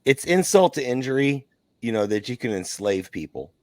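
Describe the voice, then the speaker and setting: A man's voice: mid-range voice, big pitch swings, normal speed, darkish tone, no echo. A man co-hosting a casual podcast, talking earnestly and emphatically. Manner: earnest, emphatic, repeats himself for stress. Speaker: co-host. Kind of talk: casual chat, political venting.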